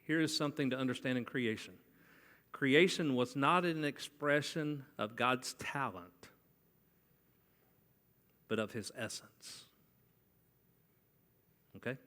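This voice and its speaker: A man's voice: medium pitch, slow pace, long pauses, a bit bright. A man preaching a sermon in a conversational way, often asking the congregation questions. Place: church sanctuary. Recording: long church hall reverb.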